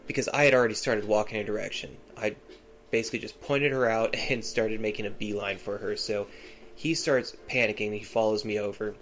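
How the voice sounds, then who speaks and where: A man's voice: on the low side, a bit bright. A man hosting a podcast, telling a personal story in a rambling, casual way full of fillers and restarts. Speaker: podcast host.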